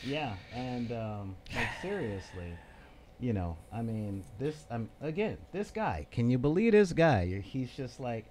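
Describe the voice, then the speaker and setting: A man co-hosting a podcast in casual chat, animated and acting out scenes with sound effects. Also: mid-range voice, measured pace, a little hiss or hum. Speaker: podcast co-host.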